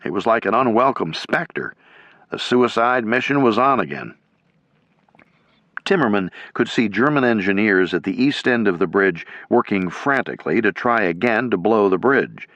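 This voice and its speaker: A man reading a military history audiobook in steady, measured scripted narration. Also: fairly low pitch, no room sound. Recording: dull lo-fi.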